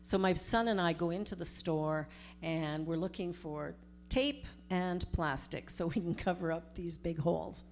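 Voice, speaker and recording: A middle-aged woman, a minister giving a storytelling sermon in a conversational, animated way. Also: lowish voice, measured pace, slight background noise. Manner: conversational, animated retelling with acted-out quotes.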